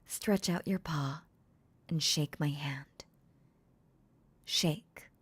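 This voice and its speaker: A woman voicing a cold, controlling female boss in a whispered role-play, speaking in a soft, low whisper. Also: drawn-out words, slightly rough, no room sound, exaggerated voice. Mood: commanding. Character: cold commanding female boss toying with her pet. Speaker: voice actor.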